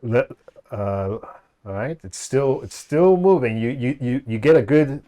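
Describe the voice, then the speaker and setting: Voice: mid-range voice, animated, measured pace, dark tone. A game master running a tabletop game, often stopping and restarting his sentences mid-thought.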